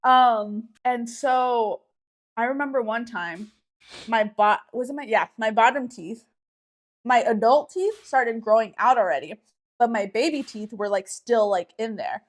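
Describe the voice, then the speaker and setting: A woman's voice: on the high side, measured pace. A young woman co-hosting a podcast, telling a story in casual chat with slang and swearing. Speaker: podcast co-host.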